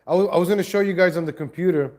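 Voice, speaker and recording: A man hosts a relaxed live stream from his home, talking into a laptop mic. His voice sits a little high for a man, with a mellow, soft tone. He rambles, restarts his sentences and breaks off to greet viewers. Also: very fast. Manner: rambling, self-correcting, chats to viewers and cat. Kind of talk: casual live-stream chat.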